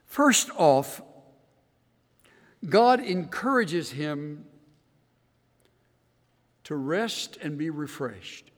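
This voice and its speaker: A male pastor with a high voice preaches at a slow, deliberate pace, earnest and given to emphatic bursts. His sermon rolls through a church sanctuary with a long reverb. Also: very animated. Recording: reverberant hall.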